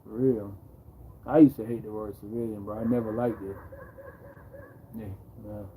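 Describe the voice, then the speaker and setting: Laid-back male livestream host, dark mellow tone, faint background hiss, keeps repeating "bro". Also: lowish voice, flat delivery, moderate pace, poor audio. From Jamaica. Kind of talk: casual livestream storytelling.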